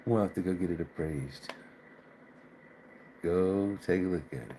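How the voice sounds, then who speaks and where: A man's voice: sits low, a little slow, noisy background. Laid-back man chatting on a livestream. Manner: laid-back, chatty, mild swearing, addresses chat as y'all. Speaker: livestream host. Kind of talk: casual live-stream chat.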